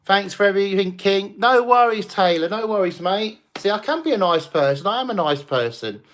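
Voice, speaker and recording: This is a chatty, slightly tipsy man talking to his viewers on a late-night livestream. His voice sits a bit on the high side for a man. He rambles warmly between topics, with frequent swearing and laughter. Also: expressive, moderate pace, a little hiss or hum. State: tipsy from drinking. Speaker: livestream host.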